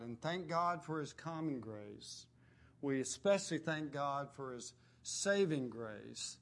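A male preacher delivering a sermon at a slow, deliberate pace. His voice sits a little high, and he drops it low and quiet on the words he stresses. He clears his throat often between phrases. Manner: emphatic, dropping low and quiet on key words.

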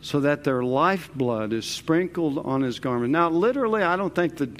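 A man teaching through a Bible passage verse by verse, slowing down and stressing key words. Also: a little high, animated. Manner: slow, deliberate, leans hard on key words.

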